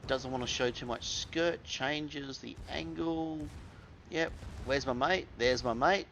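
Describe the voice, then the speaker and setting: A man's voice: medium pitch, slow pace, vocal fry, fairly bright tone, a little hiss or hum. An Australian man giving casual, wry commentary over his own gameplay, full of crude slang.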